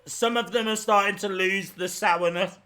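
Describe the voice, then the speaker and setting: A man's voice: high voice, fairly even intonation, moderate pace, pushed and bright. A man hosting a live reaction stream, teary with a runny nose, talking in dramatic, exasperated outbursts.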